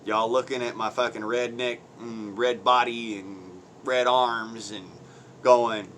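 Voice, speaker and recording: A man's voice: medium pitch, steady tone, takes it slowly, fairly bright tone, slight background noise. A man ranting on his own channel in blunt, crude, mocking commentary, swearing heavily, using folksy slang and laughing between points. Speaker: vlogger.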